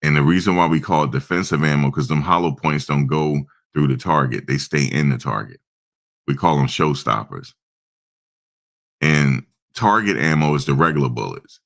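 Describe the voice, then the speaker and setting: A man from New Jersey with an extremely deep voice tells a casual personal anecdote. He is a young adult and an animated storyteller who slips into the voices of the people he quotes. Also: moderate pace, vocal fry.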